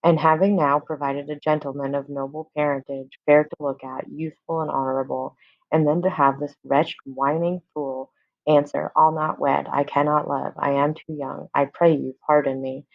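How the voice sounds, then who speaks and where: A woman voicing a furious, domineering father who rants and threatens, low and gravelly. The sound is dull and lo-fi. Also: level tone, moderate pace. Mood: scornful. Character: angry domineering father, older man.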